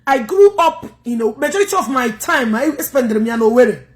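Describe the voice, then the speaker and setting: A Nigerian woman with an Igbo accent rants combatively on a livestream. Her voice sits high, and she scolds her viewers head-on. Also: lively intonation, moderate pace.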